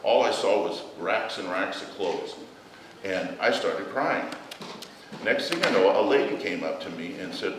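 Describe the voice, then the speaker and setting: Brief: lower-voiced man, children's story time in church, heard from afar in a big echoey hall with room noise. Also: animated, normal speed, far from the mic. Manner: gentle storytelling to children, asking questions. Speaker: church children's message leader.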